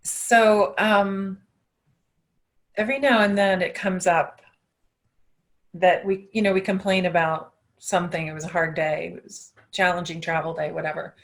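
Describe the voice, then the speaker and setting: A woman's voice: fairly low pitch, steady tone, moderate pace. A woman dental practice consultant answering interview questions in an emphatic way, repeating her key points.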